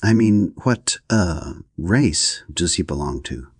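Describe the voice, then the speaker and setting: A florid, self-important major rattles on about selling to Americans, read by a man in a very deep voice. He sounds husky and close, with no room around him. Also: expressive, takes it slowly, no room sound, full character voice. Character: blustering British major, florid middle-aged man. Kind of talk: audiobook reading.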